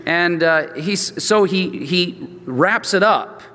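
A man's voice: sits high, slow, sharp tone. Older male pastor preaching in a reverberant hall. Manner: conversational, acts out quoted dialogue. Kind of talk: expository sermon with storytelling. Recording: long reverb from a large hall.

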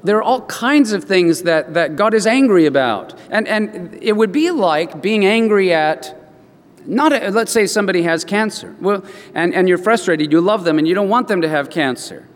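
A man preaching a sermon as a pastor, telling stories with animated, expressive rises in his voice. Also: sits high, in a large hall.

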